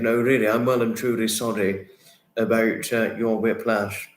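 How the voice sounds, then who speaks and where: A man hosting a livestream, chatting warmly with viewers and reading their comments, effusive and sympathetic, often repeating himself. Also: lowish voice, flat delivery, moderate pace. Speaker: livestream host. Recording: roomy echo.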